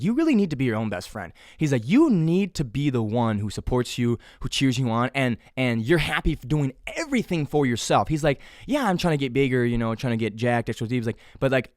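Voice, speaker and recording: Recorded at studio quality with no room sound, this medium-pitched young podcast host rambles casually on his own. He curses a lot and puts on a whiny voice to make fun of himself.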